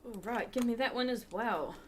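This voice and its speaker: There's a little hiss or hum behind this woman's slightly high voice, which runs at a normal speed. She's the host of a charity livestream, playing a game at her computer and chatting easily with the chat as she goes.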